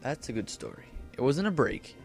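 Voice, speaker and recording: A man's voice: mid-range voice, lively intonation, normal speed, darkish tone, soft background music. Rambling teenage boy telling a story. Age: teens. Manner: rambling, many fillers and self-corrections. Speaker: gameplay commentator. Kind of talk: casual storytelling over gameplay. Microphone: desk microphone.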